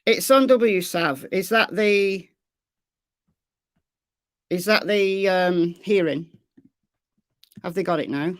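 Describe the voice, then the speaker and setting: A woman's voice: lowish voice, slow, pauses often, no room sound. Woman host with a Lancashire accent, chatty and repetitive, dry close-mic sound. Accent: Lancashire English. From Lancashire, England. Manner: chatty, repeats phrases, reads chat aloud. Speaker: true crime livestream host. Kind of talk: casual livestream chat answering viewers.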